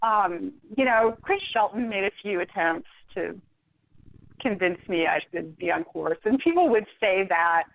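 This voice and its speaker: A woman guest in a podcast interview, retelling a story in an animated, exasperated way. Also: medium pitch, measured pace, creaky, no echo. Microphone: phone call. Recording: tinny phone line.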